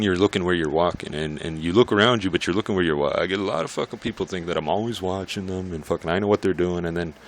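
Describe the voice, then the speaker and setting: A man in a casual vlog monologue, rambling and swearing in an irritated rant, recorded outdoors on a city street. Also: low-pitched. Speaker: vlogger.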